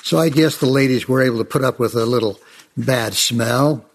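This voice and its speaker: A man's voice: mid-range voice, normal speed. A man telling Old West tales in a chatty, folksy way, often calling his listeners folks. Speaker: storyteller.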